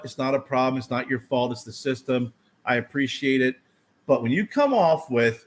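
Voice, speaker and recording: A man co-hosting a casual podcast chat, telling an animated story, acting out the people he quotes and swearing freely. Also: medium pitch, fast. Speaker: podcast co-host.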